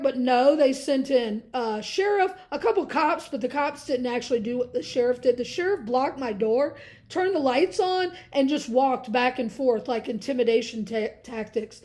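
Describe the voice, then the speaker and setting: A woman's voice: sits high, lively intonation, normal speed, darkish tone. A woman vlogger speaking in a casual monologue to her viewers, rambling and preachy and laughing often.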